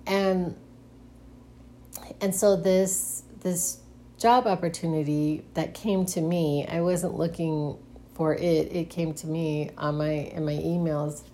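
A woman's voice: sits low, fairly even intonation, slow pace, mellow, slight background noise. A middle-aged woman hosting a casual solo monologue, speaking hesitantly with frequent restarts and nervous giggles. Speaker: podcast host.

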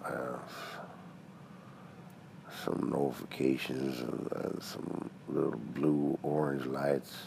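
Very deep, gravelly male caller. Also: little pitch movement, warm tone, slight background noise. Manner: rambling, halting, cursing. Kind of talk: casual chat.

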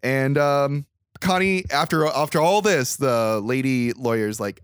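A podcast host with a medium-pitched, clear, resonant voice casually recaps a movie scene by scene at a measured pace. He acts out the characters' lines with loose swearing, and the sound is studio quality with no room sound.

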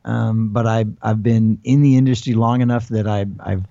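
A man's voice: fairly low pitch, fairly even intonation, moderate pace, creaky, dark tone, no echo, lo-fi sound. An American man in his forties talking casually as an interview guest, rambling with lots of fillers and restarts. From United States.

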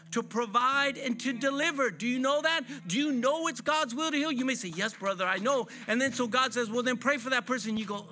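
Male preacher, high-pitched and fervent, repeats phrases, church sermon over soft music. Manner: fervent, repetitive preaching with call-and-response phrasing.

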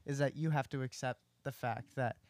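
A man's voice: mid-range voice, fairly even intonation, moderate pace, a little mellow, dry recording. A man in a casual faith discussion, earnest and building up his points with emphasis.

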